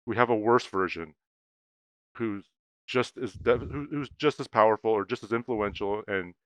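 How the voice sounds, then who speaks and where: A man's voice: lowish voice, normal speed, fairly bright tone, no room sound. A man co-hosting a movie podcast, speaking earnestly and hesitantly, often repeating words as he works through his thoughts. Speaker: podcast co-host. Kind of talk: casual movie-review chat.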